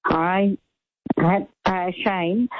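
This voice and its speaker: A woman's voice: lowish voice, fairly even intonation, extremely slow, a little hiss or hum. A woman in her late seventies, calling in to a radio show and speaking emphatically, laughing easily. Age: 70s. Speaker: caller. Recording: muffled call-in radio audio.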